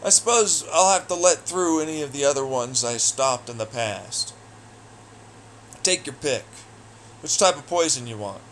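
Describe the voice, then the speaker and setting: A man ranting alone in an audio blog, profane, taunting and hostile, swinging between loud jeers and low muttering. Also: animated, moderate pace, slight background noise. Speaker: audio blogger. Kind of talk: angry solo rant.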